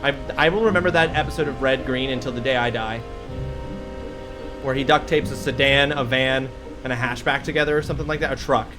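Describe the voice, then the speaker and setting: A man's voice: mid-range voice, fairly quick. A young man live-streaming a game, bantering with chat, joking and swearing as he rambles. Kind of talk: casual live-stream chat while gaming. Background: game music.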